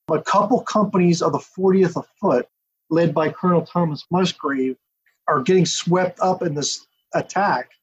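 Husky, higher-pitched man explaining at length. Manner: detailed, steady storytelling with asides. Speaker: author and historian guest. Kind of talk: podcast interview, explaining history. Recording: dull lo-fi audio.

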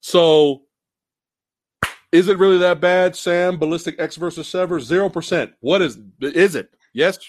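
A man hosting a casual film podcast, ranting profanely and laughing loudly as he talks. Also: sits high, unhurried, slight background noise. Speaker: host.

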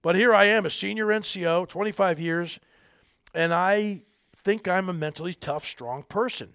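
Man, middle-aged, podcast guest, rambling folksy talk, gravelly, dry close sound. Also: high-pitched, moderate pace, a bit bright, no echo. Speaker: podcast guest, army veteran. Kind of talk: casual interview talk.

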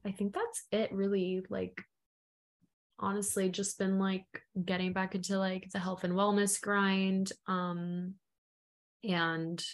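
Young woman, podcast co-host, relaxed and searching for words. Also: medium pitch. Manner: laid-back, hesitant, lots of "um" and "like". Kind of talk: casual chat.

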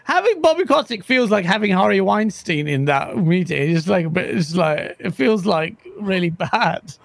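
A man's voice: high voice, very animated, moderate pace, gravelly, a bit bright. A man co-hosting a casual gaming podcast, laughing a lot and calling people bro and bruv. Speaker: podcast co-host.

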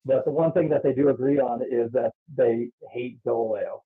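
A man's voice: mid-range voice, normal speed, husky. Guy phoning in about a wrestling show, keeps restarting his words, thin phone sound. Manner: hesitant, repeats words. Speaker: wrestling promoter guest. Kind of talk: phone-in interview. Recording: tinny phone line.

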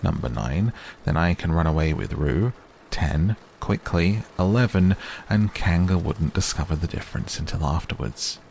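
A man voicing a bossy, self-important male rabbit who talks in a brisk, officious way. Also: sits low, expressive, vocal fry, a little mellow, a little hiss or hum. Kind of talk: storybook reading.

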